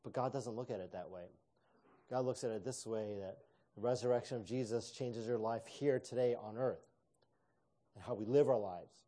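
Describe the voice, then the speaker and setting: A man's voice: mid-range voice, normal speed, warm tone. A man preaching a sermon in a conversational way, with fillers and restarts. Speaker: pastor.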